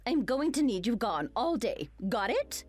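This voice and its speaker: A woman plays a rude, snobbish young woman who barks orders and mocks others. Her slightly high voice leaps up and down wildly in pitch. She is a condescending character in a storybook text-message drama. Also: very animated, measured pace, a little mellow, no room sound, faint music behind. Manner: condescending, commanding.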